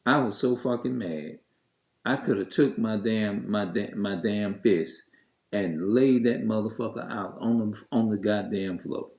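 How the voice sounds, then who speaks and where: A man's voice: fairly low pitch, measured pace, darkish tone. A man telling viewers a story in a heated, cursing rant, stopping and restarting often. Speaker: vlogger. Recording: echoey room.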